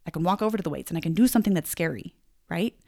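A young woman talks through a self-help lesson in a casual, reflective way, slipping into little acted-out inner voices. Her voice sits a touch low for a woman. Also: animated, rapid-fire, creaky, a little mellow. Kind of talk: podcast-style self-help talk.

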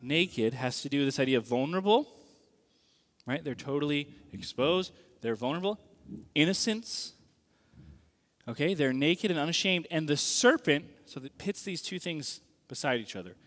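A man preaching a sermon in a conversational, animated way, often checking in with the audience. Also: fairly high pitch, moderate pace. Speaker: pastor. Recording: long reverb of a large hall.

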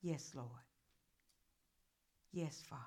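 A woman pastor, preaching a sermon that swings from murmured prayer to loud calls. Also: deep voice, slow pace, vocal fry.

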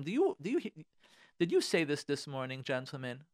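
This relationship-advice radio host talks briskly in a fairly high voice whose pitch swoops wildly. Broadcasting from a studio, he speaks emphatically, returns again and again to key phrases, and sprinkles Hebrew prayer words through his English.

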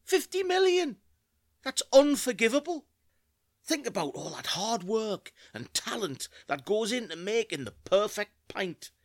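Comic pub-regular type: excitable and scheming, high lively voice, dry close sound, as an actor plays him. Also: male voice, unhurried, dry recording, exaggerated voice. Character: scheming beer-loving British bloke, excitable. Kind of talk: comedy audio play acting.

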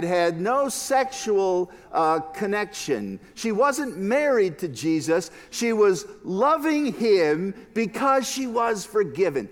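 A man preaching a sermon as a pastor, expressive, moving from hushed lines to emphatic ones. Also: sits high, slow, hardly any pauses, big-room sound.

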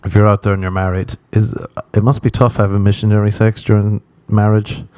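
A man's voice: lowish voice, little pitch movement, a little fast, a little mellow, no echo. A young man hosting a podcast, rambling through a crude comic monologue and laughing at his own jokes. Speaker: podcast host.

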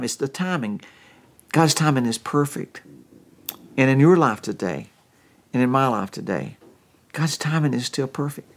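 A man's voice: medium pitch, lively intonation, unhurried, pauses often. A middle-aged man preaching a sermon, telling stories in a folksy way with frequent restarts. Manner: folksy storytelling with many restarts. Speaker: pastor.

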